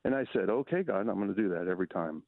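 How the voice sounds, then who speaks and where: A man's voice: deep voice, rapid-fire, creaky, no echo. A man calling in to a radio show to tell a short story, hesitant and full of restarts. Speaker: caller. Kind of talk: casual phone-in story. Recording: tinny phone line.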